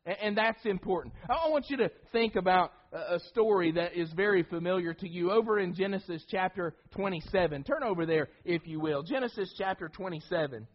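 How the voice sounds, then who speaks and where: High-pitched guy preaching, emphatic, lots of restarts, kinda dull lo-fi sound. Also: brisk, few pauses. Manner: emphatic, with frequent repeated words and restarts. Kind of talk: sermon.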